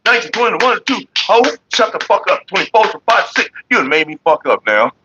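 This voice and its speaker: A man's voice: sits high, very animated, a little fast, dull audio, background noise. A young man rambling casually to camera, joking and laughing often. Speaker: vlogger.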